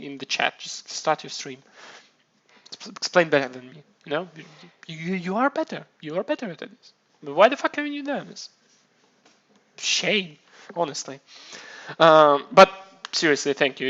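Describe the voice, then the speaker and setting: A man's voice: on the high side, sharp tone, lo-fi sound. A man casually chatting on his live stream, rambling and swearing, often restarting his sentences. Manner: rambling, profane, self-mocking, many restarts.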